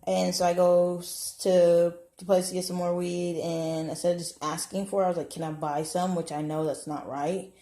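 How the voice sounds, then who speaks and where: A woman's voice: on the low side, level tone, moderate pace, few pauses, warm tone. A young woman vlogging a candid personal story at home, blunt and profane, acting out the voices of people she quotes. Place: home, indoors. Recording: echoey room.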